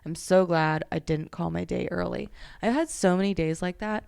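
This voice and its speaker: A woman hosting a podcast, reading aloud posts and adding chatty, animated asides of her own. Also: fairly low pitch, moderate pace, vocal fry, hardly any pauses, no echo, clean studio sound. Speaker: podcast host and massage therapist.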